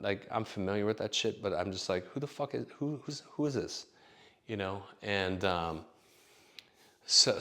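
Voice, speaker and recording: A man's voice: on the low side, a bit bright. A man telling a long personal story in a casual, rambling way, full of fillers and swearing. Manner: rambling, profane, filler-heavy.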